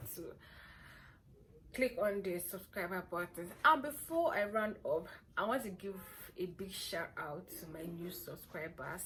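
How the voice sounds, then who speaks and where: A young woman with a Nigerian accent chatting playfully to camera as a vlogger, hoarse from a cold and sore throat. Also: on the low side, measured pace, fairly bright tone, a little hiss or hum. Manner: chatty, playful and self-assured. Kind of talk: casual chat to camera.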